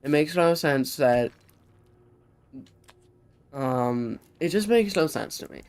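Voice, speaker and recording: A man's voice: fairly high pitch, slow pace, clean tone. A young man commentating on his game, rambling and interrupting himself, short of breath. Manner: rambling, self-interrupting, animated. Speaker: gamer streamer. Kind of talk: casual gameplay commentary.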